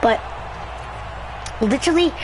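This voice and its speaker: Rambling high-voiced woman vlogger. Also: unhurried, background noise. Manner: rambling, filler-heavy, excitable storytelling. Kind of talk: casual storytelling vlog.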